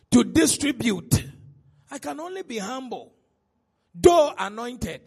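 A middle-aged Ghanaian-accented pastor delivers a sermon, shifting from quiet asides to shouted exclamations and laughing a lot. His voice is extremely high-pitched, creaky, and slightly rough.

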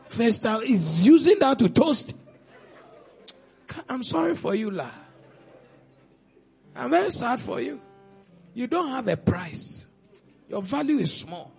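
A man preaching a sermon as pastor, with pointed rhetorical questions and sudden loud outbursts. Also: sits high, very animated, slow pace, creaky, pauses often, slightly rough, faint music behind.

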